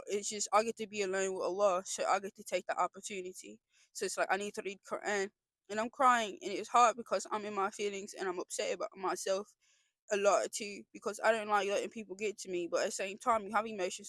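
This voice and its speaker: A woman's voice: medium pitch, steady tone, fast, a bit bright, no room sound. A young woman talking in a casual confessional vlog, earnest and emotional, rambling with frequent restarts. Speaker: vlogger.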